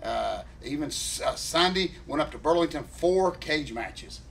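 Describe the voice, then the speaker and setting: A man with a somewhat high voice tells a rambling, heartfelt story, stopping often to check in with his co-host. His talk is earnest and emotional, with a faint hiss of background noise. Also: animated, measured pace, vocal fry, a bit bright. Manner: earnest, emotional, keeps addressing co-host by name. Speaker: podcast co-host.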